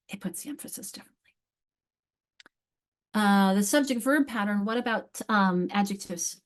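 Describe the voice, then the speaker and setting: A woman's voice: mid-range voice, normal speed, long pauses. A woman runs a literacy training for teachers, thinking aloud as she goes. Her voice sits in a middle register, and she often stops and restarts a phrase. She closes her points with little tag questions. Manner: animated, many restarts and fillers. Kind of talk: live teacher training lecture.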